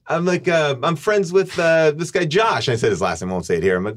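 A man's voice: fairly high pitch, brisk. A man telling a long, rambling story as a podcast guest. His voice jumps all over its range as he acts out the lines of each person in the story. He keeps saying "like" in a casual, loose way of talking. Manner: animated, rambling, heavy use of "like", acts out quoted lines. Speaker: podcast guest, comedic actor.

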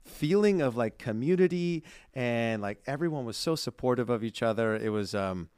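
A man's voice: medium pitch, normal speed, smooth, no echo, studio quality. A man co-hosting a casual holiday podcast, telling stories animatedly with lots of "like" fillers. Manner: animated storyteller, many "like" fillers. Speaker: podcast co-host.

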